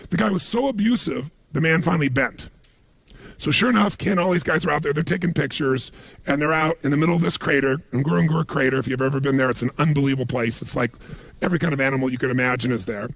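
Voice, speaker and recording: A man's voice: on the high side, quick pace, vocal fry, no room sound. A middle-aged man giving a motivational seminar talk, telling stories animatedly and acting out the people he quotes. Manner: animated storytelling, acts out quoted voices. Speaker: motivational speaker.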